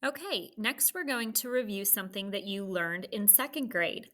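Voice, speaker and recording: Slow, bright-voiced teacher woman. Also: medium pitch, lively intonation. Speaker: classroom teacher. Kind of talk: introducing a recorded lesson.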